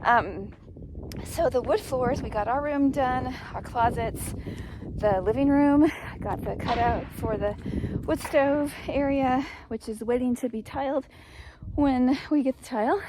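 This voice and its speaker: A woman's voice: high-pitched, unhurried, background noise. A middle-aged woman, casually chatting in a homestead vlog while walking outdoors. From East Tennessee. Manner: chatty, rambling, upbeat. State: out of breath. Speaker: homestead vlogger.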